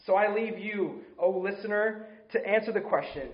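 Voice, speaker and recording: A man delivers a sermon in a high, light voice, talking earnestly and conversationally and putting questions to his listeners. His voice rings around a roomy space. The recording sounds a little dull and muffled. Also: normal speed. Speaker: preacher.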